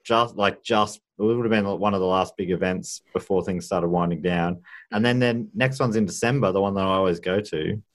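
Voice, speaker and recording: A male podcast host makes casual conversation in a low, slightly fast voice. He rambles wryly, cutting himself off mid-thought with offhand asides.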